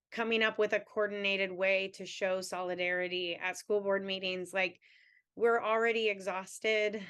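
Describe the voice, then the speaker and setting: A woman's voice: medium pitch, fairly bright tone, smooth. A woman in her thirties, a teachers' union president, answering questions at a town hall in an earnest, candid way with long run-on thoughts.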